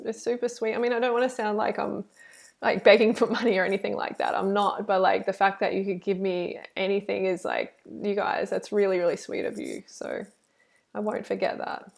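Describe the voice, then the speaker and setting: A woman reacting to a video and reading her live chat, animated and preachy, full of "like" and "you know". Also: mid-range voice, a little fast, vocal fry. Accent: Australian. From Australia.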